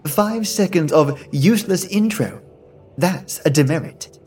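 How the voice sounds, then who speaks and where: A man voicing a tall, smug, menacing male critic with a raspy British accent and a condescending manner. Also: on the high side, big pitch swings, normal speed, recorded from a distance, soft background music, voice pushed up. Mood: scolding.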